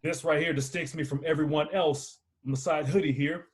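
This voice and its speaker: A man from Alabama, a business owner and podcast guest, telling his story in a lively, playful, casual way. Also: fairly high pitch, a little fast, husky. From Huntsville, Alabama. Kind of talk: casual conversational interview.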